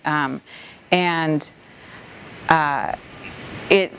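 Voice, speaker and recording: A middle-aged woman from the Bahamas, an environmental nonprofit director, recalling a hurricane in an interview, halting and close to tears with many restarts. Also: sits low. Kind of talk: emotional interview recollection.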